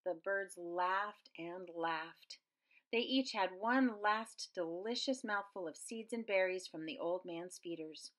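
A woman reading a children's picture book aloud with very expressive swings in pitch and loudness. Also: slow. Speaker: storyteller.

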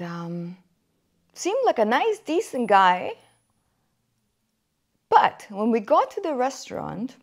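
A woman in her thirties with a fairly low, gravelly voice hosts a podcast in Germany. She talks candidly and chattily about dating, telling animated stories and acting out the quotes.

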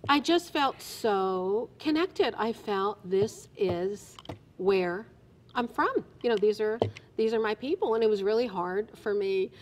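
A middle-aged woman from New Jersey, telling stories as an interview guest in an animated, emphatic way. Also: medium pitch, unhurried, a little hiss or hum. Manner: animated storyteller, expressive and emphatic. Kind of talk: casual interview chat.

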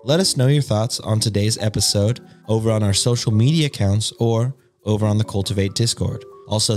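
A man's voice: on the low side, a little mellow. A man co-hosting a podcast, chatting and joking in an easygoing way with lots of fillers. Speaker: podcast co-host. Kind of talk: casual podcast banter.

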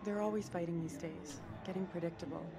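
A woman's voice: on the low side, a little fast, close to an everyday voice. An actress voicing a sarcastic teenage girl who is the older sister, in a dry, mocking tone.

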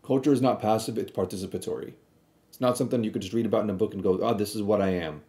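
A man's voice: lowish voice, rapid-fire, warm tone. A man streaming a reaction video, arguing bluntly in a casual, rambling way with frequent restarts.

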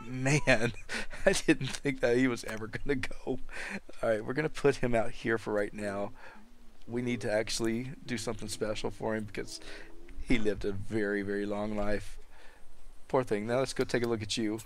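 A man's voice: lowish voice, steady tone, moderate pace. Chatty man narrating a life-sim game. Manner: chatty, talks to his game characters, laughs often. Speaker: let's play host. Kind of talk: casual gameplay commentary. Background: game music.

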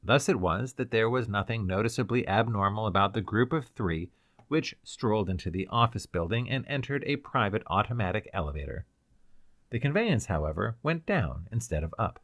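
A man narrating an audiobook in a steady storytelling voice with a lively melody. The sound is close and dry, with no room around it. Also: on the low side, moderate pace, no room sound.

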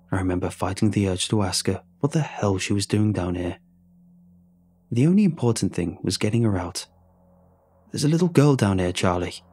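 A man reading a horror story aloud in a measured, somber way. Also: fairly low pitch, a little mellow, slightly rough. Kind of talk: scripted horror narration.

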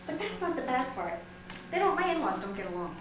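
A woman's voice: high voice, sing-song, fast, background noise. A woman performing a stand-up comedy monologue on a small theater stage, chatty and teasing as she jokes with the audience. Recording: roomy live room with audience.

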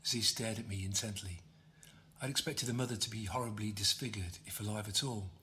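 A man reading his own novel aloud as an audiobook, steady storytelling. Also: lowish voice, brisk, slight background noise. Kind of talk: audiobook narration.

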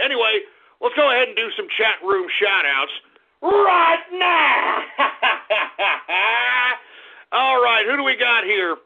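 A man hosting a radio show, angry and swearing, often breaking into shouts. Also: sits high, gravelly. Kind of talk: profane ranting radio talk. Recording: dull lo-fi radio recording.

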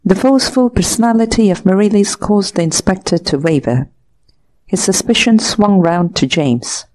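Woman reading an audiobook, calm and steady, mellow warm voice. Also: medium pitch, normal speed. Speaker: audiobook narrator. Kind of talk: scripted narration.

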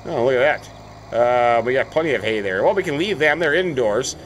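A chatty man gives casual gameplay commentary, thinking aloud as he goes. His pitch swings widely from low mutters to high surprised exclamations. A faint noise sits behind his voice. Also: expressive, fairly quick, rough recording. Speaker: let's play host.

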